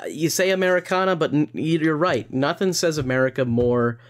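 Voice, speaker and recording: A man's voice: fairly high pitch, moderate pace. A young man co-hosting a casual podcast, joking, swearing casually, with stumbling restarts. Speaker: podcast co-host.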